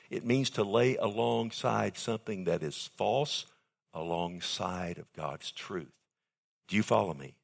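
A man with a lowish voice and some vocal fry preaches a sermon as a pastor. His emphatic delivery swings between hushed and loud, and he keeps putting questions to the audience.

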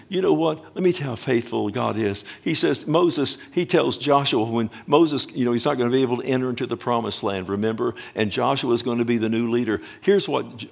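An older man preaching a sermon as pastor, emphatic and deliberate, swinging between hushed lines and booming ones, drawing out key words. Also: gravelly. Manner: slow, drawn-out phrasing on key words.

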